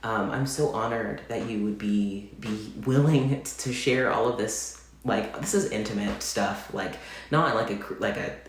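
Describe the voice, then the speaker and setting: A man in a confessional, casual vlog, speaking gently and heartfelt, rambling with many fillers. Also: fairly low pitch, normal speed, few pauses, slight background noise. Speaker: vlogger. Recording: very echoey room.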